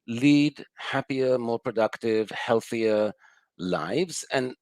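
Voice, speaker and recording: A man's voice: mid-range voice, slow, darkish tone, no echo. A man from the UK with a mixed British and American accent, a psychologist guest explaining things in a wry, thoughtful way. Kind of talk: conversational interview.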